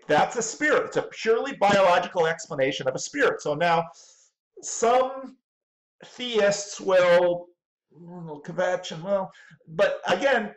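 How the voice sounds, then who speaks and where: A man's voice: high-pitched, rough recording. A male pastor giving running commentary on a video clip, thinking aloud in a stop-start way and repeating words.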